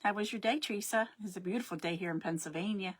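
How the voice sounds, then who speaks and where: A middle-aged woman runs a crafting livestream, talking fast in a mid-range, slightly rough voice. She keeps the chat casual and greets viewers by name as they join.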